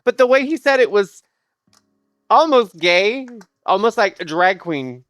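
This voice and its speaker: A woman livestreamer telling a funny work story in casual chat, animated and quick to laugh and swear. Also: medium pitch, dry recording.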